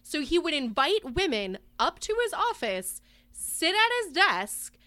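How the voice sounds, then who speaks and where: A woman's voice: high voice, big pitch swings, measured pace, sharp tone. A woman co-hosting a podcast, telling a story in a casual, exasperated, profane way. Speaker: podcast co-host. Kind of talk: casual chat.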